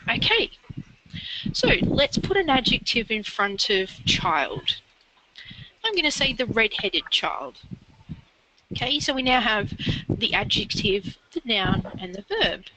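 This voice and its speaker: A woman's voice: fairly high pitch, very animated, takes it slowly, pauses often, background noise. A woman tutoring a learner in literacy, explaining grammar step by step and encouraging them. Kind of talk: one-on-one literacy lesson.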